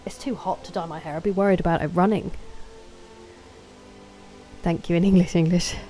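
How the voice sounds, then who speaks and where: A woman live-streaming a game talks casually with her chat, greeting and thanking people one by one. Her voice sits fairly low and sounds mellow and warm. Faint game music plays underneath. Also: fairly even intonation, normal speed, rough recording. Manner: chatty, thanking and answering chat.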